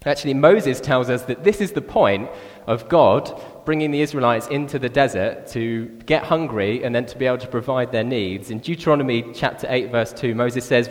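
A man preaching a sermon in a relaxed, chatty way, often saying "like" and "actually". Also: mid-range voice, normal speed. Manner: conversational, animated, with frequent "like" and "actually". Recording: reverberant church hall.

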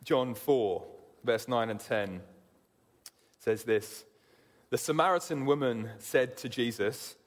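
A man's voice: medium pitch, slow pace, pauses often. Man preaching in a reverberant hall. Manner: earnest, repeats words while starting sentences. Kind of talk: sermon.

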